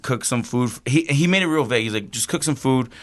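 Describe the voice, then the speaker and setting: A man, a chef, telling a story casually on a podcast, animated and swearing, acting out quotes with laughs. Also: medium pitch, a little fast. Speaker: chef guest.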